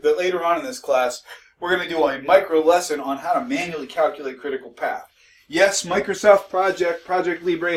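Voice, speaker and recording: A man's voice: fairly high pitch, distant mic, low-quality recording. A male instructor giving a recorded lecture, conversational and mildly sarcastic, with frequent restarts.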